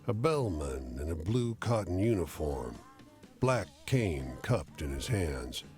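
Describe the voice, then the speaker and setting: A man's voice: deep voice, big pitch swings, takes it slowly, a little mellow, faint music behind. A man giving scripted storyteller narration for a narrative adventure game.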